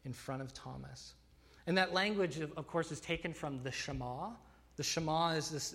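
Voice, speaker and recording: A man's voice: a little high, a bit bright. A man preaching a sermon, earnest and emphatic, often restarting phrases with fillers. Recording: long hall reverb.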